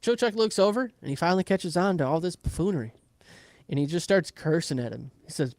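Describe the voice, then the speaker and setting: A man's voice: a little high, a little fast, no room sound, studio quality. A man casually recapping an anime episode, swearing freely and acting out characters' lines in playful asides. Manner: animated retelling with playful voiced asides. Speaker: podcast host recapping an anime.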